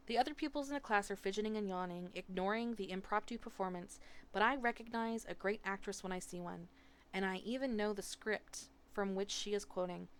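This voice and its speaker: Woman streamer, audiobook-style narration, expressive, mid-range voice. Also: medium pitch, clear, resonant tone. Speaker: streamer reading a novel aloud. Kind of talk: live audiobook reading. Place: home streaming setup.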